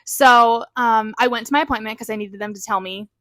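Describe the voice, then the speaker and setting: A woman's voice: on the high side, fairly even intonation, a little fast, a bit bright, no room sound, rough recording. A woman co-hosting a podcast, chatting candidly with frequent laughs and swearing. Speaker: podcast co-host. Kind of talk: casual chat.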